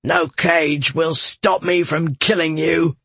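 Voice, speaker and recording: A furious troll warrior barks out threats, voiced by a man reading an audiobook. The voice is husky and unhurried. It is recorded close and dry. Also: medium pitch, dry recording. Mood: snarling. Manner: barking, snarling. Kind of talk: audiobook narration.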